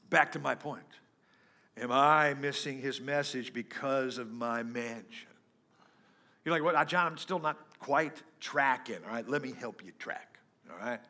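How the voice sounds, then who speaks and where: A middle-aged pastor preaching a lively sermon to his congregation, breaking into hymns and joking with the crowd. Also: medium pitch. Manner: animated preaching, sings hymns and jokes with the congregation. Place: church before a congregation.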